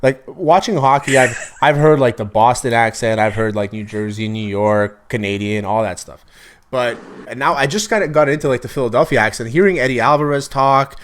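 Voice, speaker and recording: Fast-talking casual podcast host, man. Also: mid-range voice, slight background noise. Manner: easygoing, chatty, drawn-out fillers.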